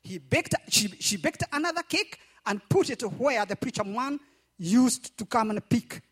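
A man preaching, his voice pitched very high. He tells a story to the congregation and keeps repeating phrases, pulling them into call-and-response. His delivery rises and falls in a lively way. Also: a little slow, breathy edge. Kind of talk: sermon with storytelling.

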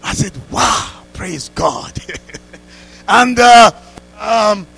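A man preaching a sermon through a story, dropping to hushed asides and rising to loud exclamations. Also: high voice, extremely slow, gravelly, breathy edge, soft background music, poor audio. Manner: laughs between lines.

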